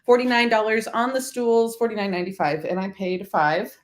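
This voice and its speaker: A woman's voice: mid-range voice, a little fast, reverberant. A woman chatting casually and upbeat to viewers about her thrift finds. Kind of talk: casual haul vlog.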